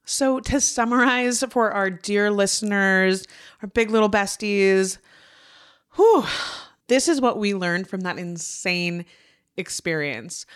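A woman's voice: medium pitch, slow, clear, resonant tone. A woman co-hosting a casual podcast, earnest and heartfelt, swearing freely. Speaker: podcast co-host.

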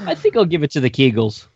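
A man's voice: a little high, breathy edge. A man reading game cards aloud and adding dry asides during a casual podcast game night. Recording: dry muffled podcast audio.

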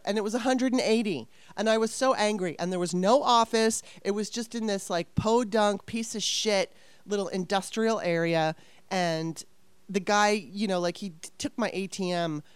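A woman's voice: fairly low pitch, clean tone, no echo. A woman in her fifties telling a story casually, rambling and swearing with exasperation.

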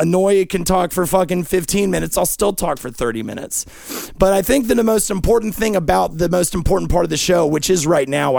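A young man delivering a rambling, profane comedic monologue with sudden yelled outbursts, recorded close on a studio mic. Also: fairly high pitch, creaky, dry recording. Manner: absurd, profane stream of consciousness with sudden yelling. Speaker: podcast host.

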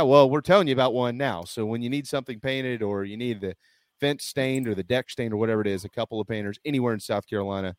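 Male sports talk host, mid-pitched, upbeat ad reads, dry close sound. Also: no room sound. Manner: upbeat, salesy, chatty. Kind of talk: casual sports radio chat and ad reads.

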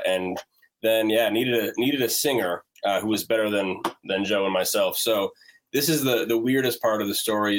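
A man from North Dakota, a band member telling his story in a relaxed way with many fillers. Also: lowish voice, slight background noise. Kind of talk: casual chat.

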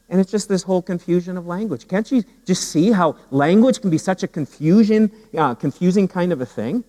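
Man preaching with lively stories. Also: sits high, fairly quick, few pauses, in a large hall, low-quality recording. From Canada. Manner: animated storytelling with humor, many repeated words. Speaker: pastor. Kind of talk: sermon.

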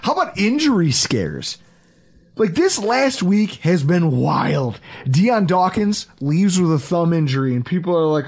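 Host pria, suara agak tinggi dan serak, obrolan olahraga yang hidup dan kasar. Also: male voice, fairly high pitch, a little slow, breathy edge. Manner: animated, profane, acts out quotes. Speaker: podcast host. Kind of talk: casual sports podcast chat.

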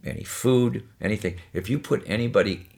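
An older man from Detroit telling lively, punchline-driven stories as a guest in a conversation. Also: lowish voice, a little fast, vocal fry. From Detroit, USA. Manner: animated, punchline-driven storytelling. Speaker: guest storyteller. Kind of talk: anecdotal storytelling in conversation.

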